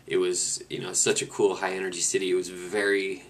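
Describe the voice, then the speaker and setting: With a low voice and a slightly fast pace, a rider on a cross-country motorcycle trip casually tells the story of the long journey. He rambles and restarts his sentences often.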